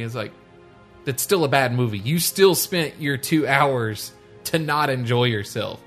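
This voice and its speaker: A man in a casual chat, opinionated and quick to laugh, fond of folksy sayings. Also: mid-range voice, expressive, a bit bright, faint music behind.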